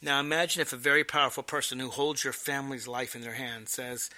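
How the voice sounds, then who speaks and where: A man's voice: mid-range voice, a little fast, hardly any pauses, sharp tone. A man giving political commentary in an emphatic, sarcastic way. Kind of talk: explanatory commentary.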